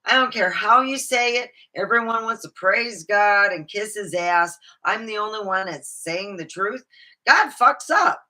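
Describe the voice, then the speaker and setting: A woman's voice: mid-range voice, expressive, a little slow, bright, forceful tone. A woman talking alone in her room in a rambling, swearing vlog monologue, laughing at her own jokes. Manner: rambling, swearing, jumps between topics. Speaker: vlogger.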